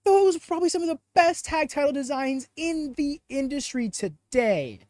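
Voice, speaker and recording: A man hosting a live podcast, chatting in an animated, opinionated way and rambling off on tangents as he reads the audience chat aloud. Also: very high-pitched, normal speed, no room sound. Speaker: podcast host.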